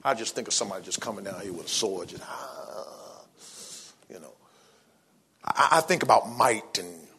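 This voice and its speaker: A man in his forties preaching a sermon as a pastor, moving between low, quiet reflection and raised, excited delivery. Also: moderate pace, pauses often, husky.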